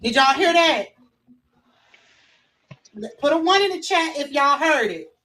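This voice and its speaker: A woman's voice: sits high, expressive, unhurried, pushed and bright. A woman host talking to her livestream chat in an emphatic way and repeating her questions. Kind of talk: casual livestream talk. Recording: distant from the mic.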